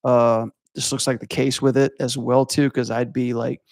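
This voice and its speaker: Gravelly, profane man critiquing animation. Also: medium pitch, little pitch movement, moderate pace, darkish tone, no room sound, clean studio sound. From Louisiana. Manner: rambling, profane, filler-heavy. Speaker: animator and streamer. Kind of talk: casual animation critique to a stream chat.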